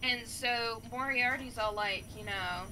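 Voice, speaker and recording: A woman gaming streamer retelling a story in a chatty, animated way, with many fillers. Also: on the high side, unhurried, background noise. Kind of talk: casual storytelling while playing a game.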